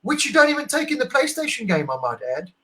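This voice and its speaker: Co-hosting a casual motorsport debrief over a video call, a man argues emphatically and repeats his points. His very high voice is sing-song and sharp, and he talks fast. The recording is rough.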